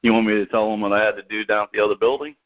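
A man with a low voice tells a story in a relaxed, conversational way, often restarting his sentences. The audio is tinny, like a phone call. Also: very fast, a little hiss or hum. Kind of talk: casual storytelling.

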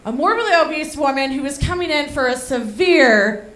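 A woman's voice: sits high, expressive, moderate pace, a bit bright, reverberant. A woman doing a crude, blunt stand-up comedy set in a bar, laughing through her own jokes. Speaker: stand-up comic. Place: bar stage.

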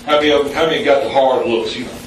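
A man preaching a sermon in a church, calling on the congregation for responses and jumping up in pitch for emphasis. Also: fairly even intonation, rapid-fire, a little hiss or hum. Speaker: pastor. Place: church sanctuary. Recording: very echoey room, mic at a distance.

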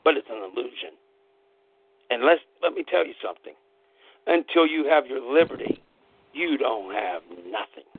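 A man's voice: mid-range voice, lively intonation, normal speed, pauses often, slightly rough. A man hosting an internet radio show, delivering a fired-up, profane political rant in angry bursts. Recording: tinny phone-line audio, dry.

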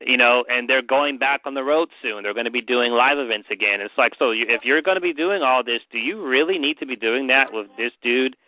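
A man's voice: mid-range voice, fairly quick, hardly any pauses, no echo. A man co-hosting a podcast, rambling with swearing in casual chat. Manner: rambling, profane, animated. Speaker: podcast co-host. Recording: dry, tinny phone-like line.

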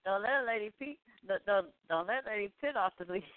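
A woman's voice: medium pitch, fast talker. A woman calling in to a radio show as a poet, sassy, profane and teasing. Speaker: caller, poet. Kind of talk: call-in radio chat. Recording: tinny phone line with hiss.

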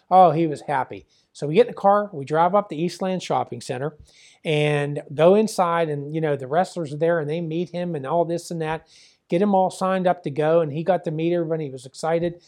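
An older man from the Pittsburgh area tells a long family story in an interview. He rambles and keeps reporting back-and-forth dialogue with "he goes" and "I says." He sounds like a plainspoken father remembering things out loud. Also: on the high side, brisk. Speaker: former wrestling promoter and father.

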